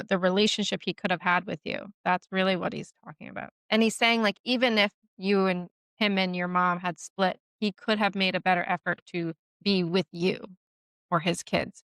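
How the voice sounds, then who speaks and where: A woman giving a one-on-one mediumship reading, talking gently with halting fillers and restarts. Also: fairly low pitch, creaky, dry recording. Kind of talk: one-on-one reading, casual and hesitant.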